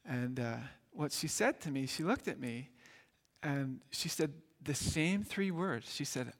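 A man's voice: fairly high pitch, lively intonation, a little slow. A man from Milwaukee preaching a sermon, telling stories in an earnest, conversational way and often repeating words. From Milwaukee, United States. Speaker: pastor. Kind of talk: storytelling sermon. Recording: long hall reverb.

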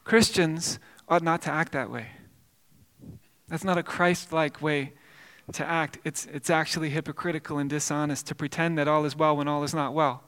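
Man preaching in a church, high bright voice, earnest storytelling, long hall reverb. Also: steady tone, moderate pace, clear, resonant tone. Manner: earnest storytelling with repeated words and restarts. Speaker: pastor. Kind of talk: sermon.

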